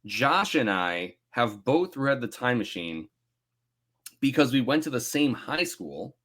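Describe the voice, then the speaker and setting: Thirties guy cohosting a book podcast, lively and sweary, pokes fun at himself, middle pitched voice. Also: takes it slowly. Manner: animated, swears freely, self-mocking. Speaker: podcast co-host. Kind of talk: casual book club chat.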